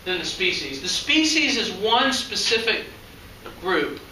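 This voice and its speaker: A very animated high school biology teacher chats his way through a lecture, stopping often to ask the class questions. His voice is high and very bright, and his pace is measured. A distant mic picks him up across a very echoey classroom, with faint room noise behind him.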